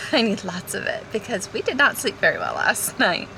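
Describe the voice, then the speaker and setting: A woman's voice: mid-range voice, huge pitch swings, normal speed, creaky, pushed and bright. A mother from Florida chatting casually to camera in a family vlog, giggly and easygoing. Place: at home and in a car. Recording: noticeable background noise.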